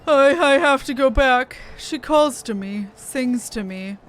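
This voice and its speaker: A haunted, dazed young man from a fantasy game, as a woman reads him aloud. He speaks in halting, repeating phrases over faint game music, in a bright voice. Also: sits high. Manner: halting, dreamy, repeating himself. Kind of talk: reading game dialogue aloud.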